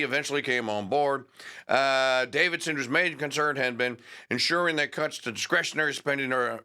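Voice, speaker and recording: With a fairly high, sharp voice, the talk show host reads the news and wanders into sarcastic tangents, using fillers to buy time as he searches for names. It's an opinionated talk radio monologue.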